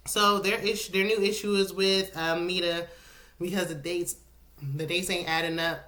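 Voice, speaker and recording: A woman hosting a casual, opinionated reality TV recap, clearing her throat and coughing now and then. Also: fairly low pitch, level tone, moderate pace, bright, forceful tone. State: coughing, with a lozenge in her mouth. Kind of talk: casual chat. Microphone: solo recording setup.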